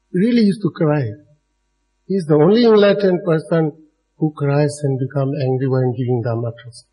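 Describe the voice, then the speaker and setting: At a normal speed, a Buddhist teacher with a fairly high yet dark, slightly rough voice delivers a dharma talk in a low-quality recording. He talks to the live crowd directly in broken, non-native English, chuckling often.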